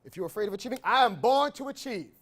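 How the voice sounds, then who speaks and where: A man's voice: high-pitched, animated, fast, a bit bright. A man giving an emphatic motivational talk on stage, telling the audience what to write and repeating key phrases. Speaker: motivational speaker. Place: event stage.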